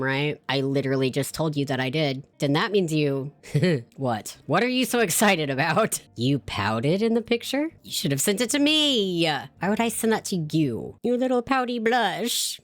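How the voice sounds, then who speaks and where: A woman's voice: on the low side, no room sound. A woman streaming a visual novel, reading the dialogue aloud and reacting in a playful, teasing, giggly way.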